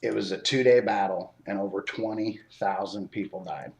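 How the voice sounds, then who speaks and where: A man co-hosting a casual podcast, telling a story slowly with many pauses and filler words. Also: fairly low pitch, vocal fry, a little mellow. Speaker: podcast co-host.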